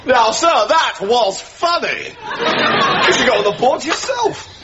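An actor playing an excitable, naive young army officer, eager and gushing. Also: male voice, very high-pitched, slow pace, over a noisy crowd, exaggerated voice. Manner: gushing, eager, bursts into shouts. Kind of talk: sitcom acting. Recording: dull studio recording, background noise.

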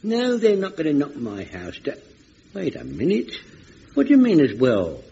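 A man's voice: on the high side, huge pitch swings, normal speed, vocal fry, mellow, breathy edge, exaggerated voice. A fussy, flustered old man. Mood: rambling. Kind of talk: 1940s-style radio sitcom acting. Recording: dull vintage radio recording.

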